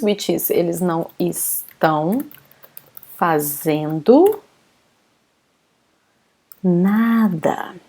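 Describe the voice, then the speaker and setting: Slow-paced Brazilian woman teaching online. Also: fairly low pitch, a little mellow. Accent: Brazilian Portuguese. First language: Portuguese. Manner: encouraging, reads out student comments, laughs often. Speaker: language teacher. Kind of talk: live online lesson.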